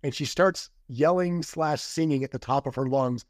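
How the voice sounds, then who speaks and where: A middle-aged man, a podcast guest speaking at normal speed and medium pitch, candidly tells a personal story in relaxed conversation. He acts out the quoted lines, and the studio-quality recording carries no room sound.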